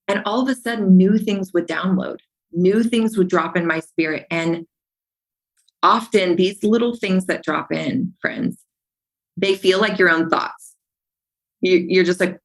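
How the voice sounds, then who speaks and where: A woman with a slightly low voice talks as a podcast guest, lively and animated. She acts out remembered exchanges and stacks up repeated phrases for emphasis. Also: moderate pace, low-quality recording. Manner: animated storyteller who acts out remembered dialogue. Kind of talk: conversational podcast interview.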